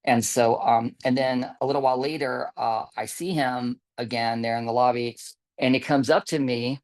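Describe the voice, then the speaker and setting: A man's voice: mid-range voice, fairly even intonation, moderate pace, darkish tone. Rambling man telling a story. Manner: rambling, many fillers and restarts, quoting others. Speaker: camp volunteer telling a story. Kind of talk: casual storytelling. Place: online video call.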